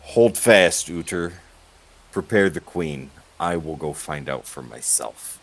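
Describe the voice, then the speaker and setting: A man's voice: deep voice, animated, slow pace, heavily acted. A man doing a stern lord giving orders. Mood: commanding.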